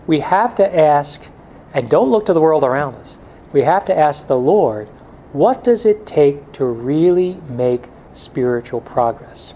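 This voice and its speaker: A man's voice: fairly high pitch, animated, measured pace, highs cut off, slight background noise. A middle-aged male pastor giving a blunt, joking talk to a men's group, now and then mimicking excuses in a whiny voice.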